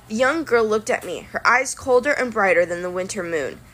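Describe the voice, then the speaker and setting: Expressive woman reading a story aloud. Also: medium pitch, fairly quick, few pauses. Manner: expressive first-person narration. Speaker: reader.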